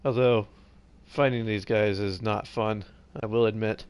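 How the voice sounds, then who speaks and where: A man's voice: lowish voice, steady tone, unhurried, a little mellow, clean tone. A tired man streaming a game live, rambling casually and reading game text aloud as he plays. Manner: rambling, reads game text aloud, trails off mid-sentence. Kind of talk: casual live gameplay commentary.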